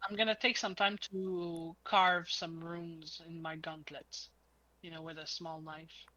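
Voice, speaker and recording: A woman's voice: fairly low pitch, level tone, a little slow, pushed and bright, no room sound. A woman playing in a tabletop game, blunt and sarcastic. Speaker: player. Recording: lo-fi mic.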